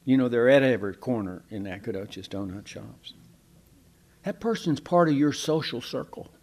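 A man's voice: medium pitch, animated, normal speed, darkish tone. A pastor delivers a sermon in a homey, easygoing manner. His voice sits in an ordinary middle male range, and he keeps turning to the congregation with questions. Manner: folksy, conversational preaching with rhetorical questions.

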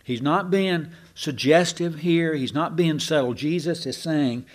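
A man teaching the Bible in a relaxed, conversational way, musing aloud and leaning hard on key words. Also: a little high, unhurried, hardly any pauses.

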